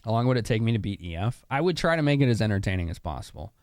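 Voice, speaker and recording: Chatty low-voiced male streamer. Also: big pitch swings, rapid-fire, a little mellow, dry recording, studio quality. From Chicago. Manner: chatty, laughs often, talks to chat. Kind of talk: casual live-stream commentary.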